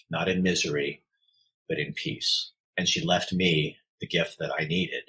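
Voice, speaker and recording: A man's voice: rumbling low, sharp tone, slightly rough, poor audio. A middle-aged man telling a personal story as a podcast guest. He speaks from the heart and often halts and restarts his sentences.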